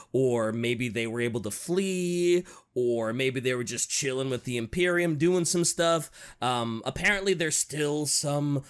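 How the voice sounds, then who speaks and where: Guy cohosting a nerdy lore chat, laughs a lot, swears, voice jumps all over. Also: medium pitch. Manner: laughing, animated, profane. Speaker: lore video co-host. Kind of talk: casual podcast chat.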